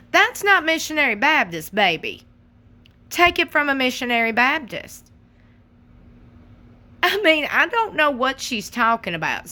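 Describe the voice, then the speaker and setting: A woman's voice: sits high, pushed and bright. A young adult woman giving casual, sassy reaction commentary and talking straight to her viewers. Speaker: commentary channel host.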